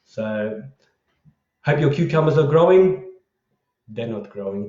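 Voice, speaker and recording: An Australian man hosting a casual live chat, rambling and affectionate as he repeats himself through shout-outs to viewers. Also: medium pitch, animated, unhurried, pauses often. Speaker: host of an online community live chat. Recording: roomy and dull lo-fi sound.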